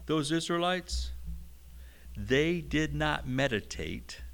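A middle-aged man preaching a sermon, slow and emphatic, with a touch of humor. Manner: slow, emphatic preaching with lively pitch swings. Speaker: pastor.

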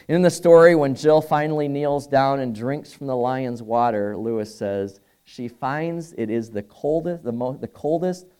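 Earnest male pastor mid-sermon; mellow, warm voice with emphatic phrasing. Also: medium pitch.

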